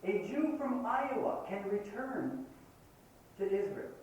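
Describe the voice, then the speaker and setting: A man's voice: high-pitched, sing-song, slow pace, a little mellow, muffled recording. Impassioned man lecturing in an echoey hall. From Palestinian. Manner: impassioned, argumentative, quotes opponents in shifting voices. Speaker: guest lecturer. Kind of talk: university lecture. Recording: roomy hall, distant mic, faint hiss, old tape.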